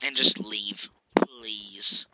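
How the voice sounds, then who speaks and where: A man's voice: on the low side, fairly even intonation, extremely slow, dull audio, a crowd in the background. A man chatting casually while playing a game, joking and mumbling, often dropping into whispers. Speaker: gamer. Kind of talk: casual gameplay chat.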